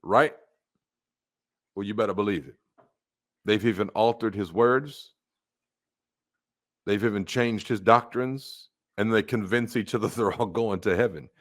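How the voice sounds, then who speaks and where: A man's voice: unhurried, long pauses. Blunt man preaching hellfire. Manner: blunt, mocking, swings from low muttering to loud outbursts. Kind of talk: fiery street-style sermon.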